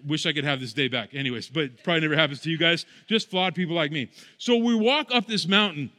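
A man's voice: on the high side, fast, bright, forceful tone. A young adult man preaching a sermon as a pastor, in a conversational, self-deprecating storytelling manner, in a church sanctuary. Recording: long hall reverb.

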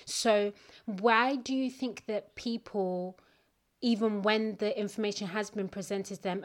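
A woman's voice: mid-range voice, unhurried. A woman interviewing her guest, asking thoughtful, probing questions in a casual chat.

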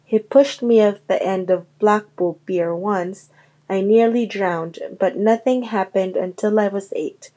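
A woman voicing a shy young schoolboy who speaks softly and hesitantly in a storybook reading. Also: medium pitch, a little slow, natural voice.

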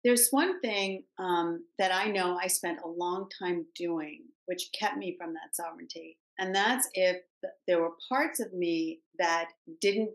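Older woman, reflective, in a roomy room. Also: lowish voice. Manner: reflective, halting, many restarts. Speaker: guest. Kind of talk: casual spiritual conversation.

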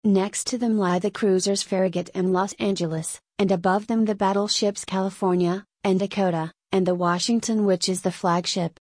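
A woman's voice: medium pitch, fairly even intonation, normal speed, few pauses, darkish tone, no echo, lightly acted. A woman reading the lines of a knowledgeable male soldier in an audiobook, in a plain explanatory manner. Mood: explaining. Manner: explanatory, listing.

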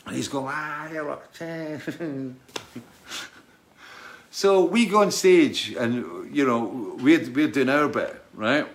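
A man tells a rambling backstage story at an ordinary pitch. He keeps tagging his sentences with "right?" and breaks into laughter as he goes. His voice sits in a middle register. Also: lively intonation, takes it slowly, pauses often, slight background noise. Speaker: touring musician telling a story. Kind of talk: casual anecdote telling.

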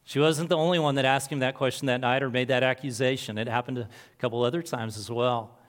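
A male pastor preaching a sermon earnestly, moving between soft, slow passages and emphatic lines. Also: medium pitch, steady tone.

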